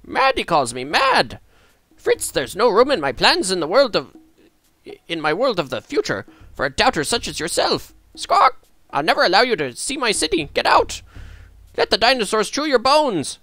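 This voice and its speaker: A man's voice: high-pitched, wildly swooping pitch, moderate pace, bright, forceful tone, no room sound, voice pushed up, full character voice. A man voicing a parrot that squawks and mimics a mad scientist with a mock German accent. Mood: squawking, theatrical.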